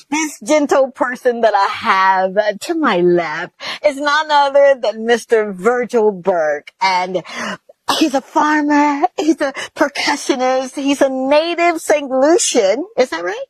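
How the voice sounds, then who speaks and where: A woman's voice: high voice, expressive, a little slow, low-quality recording. A woman, hosting a talk show in an effusive, chatty way and laughing often. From Mississippi, USA.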